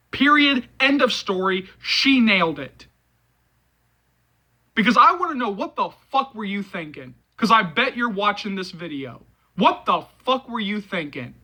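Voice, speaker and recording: A hoarse man delivers a heated vlog rant to camera, repeating his points and swearing freely. His voice is forceful and tense, with a bright, pushing edge. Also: high-pitched, poor audio. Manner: heated, repetitive, profane ranting. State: hoarse from yelling. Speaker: movie channel host.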